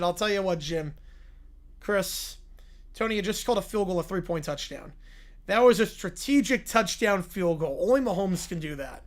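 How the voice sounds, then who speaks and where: A man streaming live, reacting to a video with jokey, deadpan asides. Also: high-pitched. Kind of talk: livestream reaction chat.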